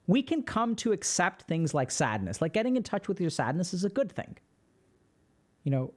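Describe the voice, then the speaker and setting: Calm, reflective man host. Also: on the high side. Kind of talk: reading and commenting on a viewer post.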